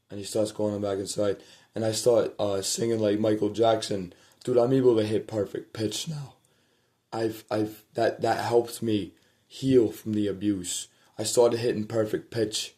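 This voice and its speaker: A man with a low, mellow voice recounts a story to the camera from his home at night. He rambles and swears, restarts his sentences, and lets his voice sink to a murmur now and then. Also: little pitch movement, moderate pace. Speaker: vlogger telling a personal story.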